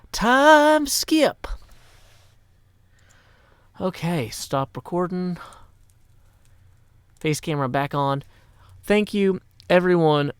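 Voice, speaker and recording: A man's voice: a little high, clean tone, no room sound. Playful tired man from Tennessee streaming. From Nashville, Tennessee. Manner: playful, rhyming asides and quick number-talk. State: tired after a long day. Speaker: live-streaming game host. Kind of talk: casual live-stream chat.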